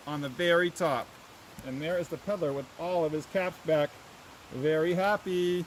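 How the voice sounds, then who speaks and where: A man's voice: high voice, normal speed, slight background noise, low-quality recording. A man, a teacher, reading a picture book aloud to children outdoors and asking them questions as he goes. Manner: animated, asks children questions.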